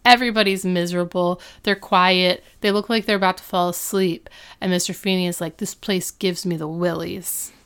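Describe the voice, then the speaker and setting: A woman's voice: on the low side, steady tone, moderate pace, few pauses, a bit bright, clear, resonant tone. A woman casually recapping a TV episode, acting out the characters' lines as she retells the scenes. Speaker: podcast co-host recapping a TV episode. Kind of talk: casual chat.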